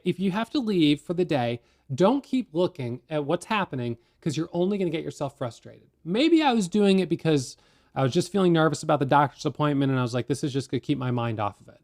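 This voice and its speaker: A man, a day trading educator, telling viewers a candid, self-deprecating story in a casual, animated way. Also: a little high.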